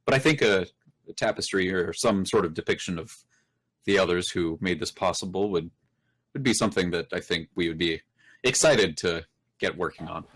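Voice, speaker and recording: A man voicing Rudd, a calm and polite townsman who speaks in a measured way. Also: deep voice, husky, poor audio. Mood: earnest. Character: Rudd, a calm adult male townsman leader.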